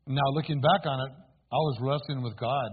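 A man's voice: mid-range voice, steady tone, brisk, husky. A man preaching his own conversion story as a sermon, telling it earnestly and asking the congregation for replies. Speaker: preacher giving testimony. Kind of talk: sermon testimony. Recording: tinny phone-like sound.

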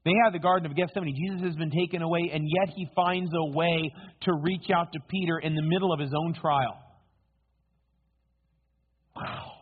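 A man's voice: on the high side, steady tone, normal speed, slightly rough. A male preacher giving a sermon, telling the story dramatically and posing rhetorical questions to his listeners. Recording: tinny phone-like sound.

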